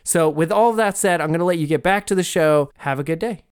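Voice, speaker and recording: Smooth-voiced man host rambling. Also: fairly high pitch, fast talker. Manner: friendly, rambling, filler-heavy. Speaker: podcast host. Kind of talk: casual podcast announcements.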